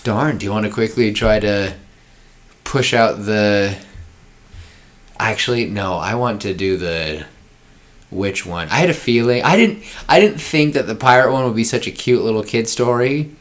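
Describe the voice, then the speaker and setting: Low-voiced man rambling casually. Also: normal speed. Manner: rambling, laughs often, acts out scenes. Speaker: podcast host pitching story ideas. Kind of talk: casual chat.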